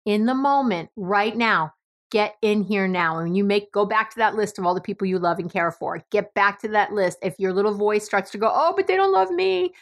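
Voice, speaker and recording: A woman's voice: mid-range voice, brisk. A middle-aged woman from New York with a New York accent, hosting a podcast in a blunt, emphatic monologue and swearing freely. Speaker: podcast host.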